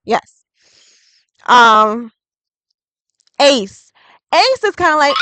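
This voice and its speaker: A woman's voice: high-pitched, expressive, very slow, pauses often, noisy background. A woman doing a casual tarot reading vlog, chatty and rambling, full of "like". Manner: chatty and rambling, heavy use of "like". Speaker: tarot reader.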